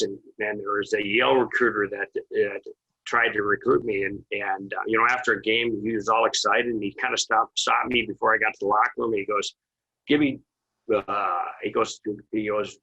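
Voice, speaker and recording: A man's voice: lowish voice, gravelly, pushed and bright, muffled recording. A man, a former assistant hockey coach, telling a rambling, chuckling recruiting story as an interview guest. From Minnesota. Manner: rambling, frequent restarts and chuckles.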